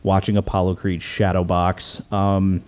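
A man casually recapping a movie as a podcast host, animated, joking and profane. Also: sits low, unhurried. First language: Italian heritage, speaks English.

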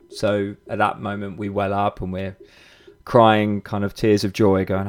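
A podcast host in his thirties talks through a personal story in a loose, unscripted way. His voice sits somewhat low for a man. He restarts sentences often, leans on fillers, and swears casually. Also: fairly even intonation, moderate pace.

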